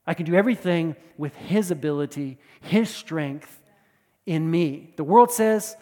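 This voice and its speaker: A man preaching a sermon with emphatic delivery, repeating words and swinging between loud and soft. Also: fairly high pitch, moderate pace, long reverb tail. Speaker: pastor.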